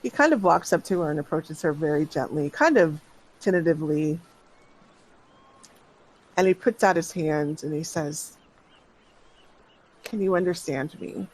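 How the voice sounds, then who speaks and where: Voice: mid-range voice, animated, moderate pace, long pauses, low-quality recording. A game master casually narrating a tabletop role-play, often hedging with "kind of".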